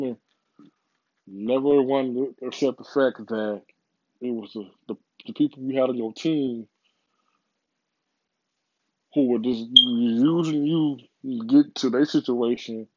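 A man's voice: mid-range voice, fairly even intonation, unhurried, long pauses, dry recording, dull audio. A man giving a casual, rambling motivational monologue, profane and full of repeats.

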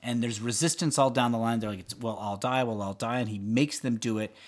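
A man's voice: medium pitch, fairly quick. A man co-hosting a podcast, casually retelling film scenes and voicing the characters' lines as he goes. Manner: animated storytelling, acts out characters' lines. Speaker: podcast co-host. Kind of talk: casual chat.

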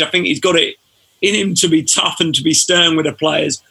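A man, a former footballer telling stories as a podcast guest in a relaxed way. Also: on the high side, husky. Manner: relaxed storytelling, frequent fillers. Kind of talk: casual podcast interview.

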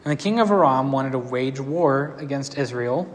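A man preaching a casual storytelling sermon, conversational and relaxed, with playful asides. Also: medium pitch, moderate pace, in a large hall.

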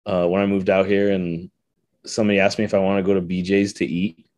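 A man with a fairly low voice, chatting in a laid-back, slightly drunk way. He often pauses with "um". The recording is dry and close. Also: level tone, darkish tone, no echo. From United States. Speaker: podcast guest. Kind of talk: casual drunk chat.

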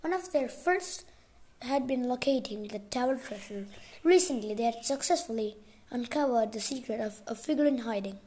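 A woman's voice: fairly high pitch, lively intonation, normal speed, dark tone. A woman reading a novel aloud casually, sometimes stumbling and restarting words. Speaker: reader.

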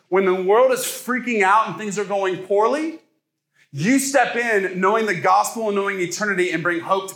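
A man's voice: high-pitched, fairly bright tone. A man in his thirties from Ohio, preaching a casual sermon as a pastor and joking with the congregation.

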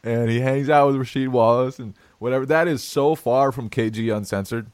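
A man's voice: medium pitch, fairly quick, darkish tone, clean tone, no echo. A man hosting a casual sports podcast, laughing often and restarting his sentences. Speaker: podcast host.

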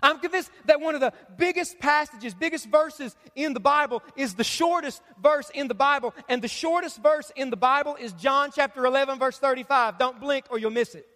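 A man preaching a sermon with a strikingly high voice, hammering his points through repetition and rising to shouts. The sound rings with the long reverb of a large church hall. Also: normal speed, hardly any pauses. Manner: emphatic preaching, repeats phrases, rises to shouts. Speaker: pastor.

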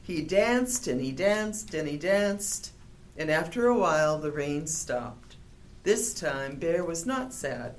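A woman reading a children's picture book aloud in a gentle, expressive storytelling manner. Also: low-pitched, takes it slowly. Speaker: storybook reader.

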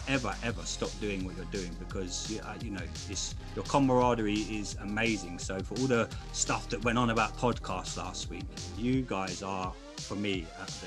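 A man chatting enthusiastically as a guest on a podcast, often restarting his sentences. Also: fairly low pitch. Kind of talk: casual podcast chat.

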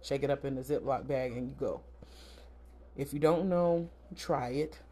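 A woman's voice: rumbling low, normal speed, dark tone. A woman in her thirties from South Florida, hosting a casual solo podcast in a candid, chatty, emphatic way. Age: 30s. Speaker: podcast host.

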